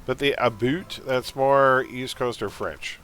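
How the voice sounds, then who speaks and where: Reading a game's text aloud while he streams, a man from Canada chats in a relaxed way with a mild Canadian accent. His mid-range voice is fairly bright and a little slow, and soft music plays behind this casual live-stream commentary.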